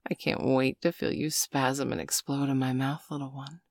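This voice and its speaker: A woman in whispered role-play, speaking slowly and coaxingly with pet names, close to the mic. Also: a bass voice, level tone, creaky, dry recording. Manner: slow, coaxing, teasing, full of pet names. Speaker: audio role-play performer.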